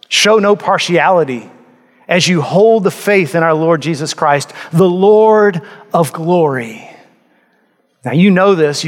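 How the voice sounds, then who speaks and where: A man preaching a sermon as pastor, earnest and building to emphatic peaks. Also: a little high. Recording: long hall reverb.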